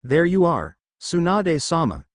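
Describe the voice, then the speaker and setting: A man's voice: on the high side, wildly swooping pitch, unhurried, no echo, clean studio sound, pitched above the performer's own voice, exaggerated voice. A man reading the lines of a polite, shy adult woman teacher in a fan fiction story, speaking hesitantly.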